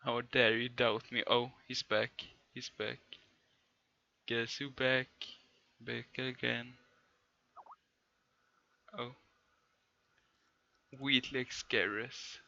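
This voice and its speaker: A man reading fan fiction on a live stream with a bright, forceful tone. He takes it slowly and deadpan, repeatedly breaking into laughter. The sound is dull and lo-fi. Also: medium pitch, creaky.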